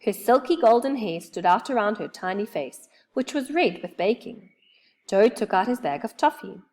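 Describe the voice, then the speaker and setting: A woman reading a children's storybook aloud with expressive, lively storytelling. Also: mid-range voice, moderate pace, a little hiss or hum.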